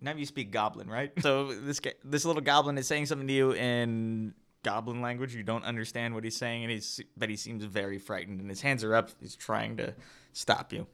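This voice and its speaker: A man narrating as game master, improvising scenes in a lively, quick way. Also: medium pitch, smooth.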